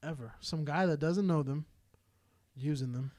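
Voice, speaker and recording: Man from southern california, high voice, heated profane rant, rambling podcast talk. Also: moderate pace, a little mellow. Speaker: podcast co-host.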